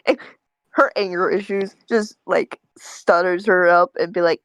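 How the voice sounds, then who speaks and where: A woman's voice: lowish voice, fairly even intonation, a little slow, a bit bright, no room sound, dull audio. A woman co-hosting a casual group podcast, playful and teasing. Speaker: podcast co-host.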